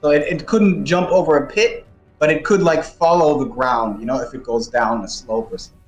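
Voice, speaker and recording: A man's voice: on the high side, a little fast, faint music behind. A man playing a tabletop game, thinking aloud and counting out moves. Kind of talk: casual game talk. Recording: echoey room.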